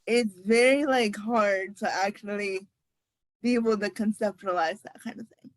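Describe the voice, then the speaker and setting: A woman's voice: mid-range voice, steady tone, normal speed, no echo, rough recording. A young woman on a video call, sharing a personal account on a panel in a hesitant way, searching for words.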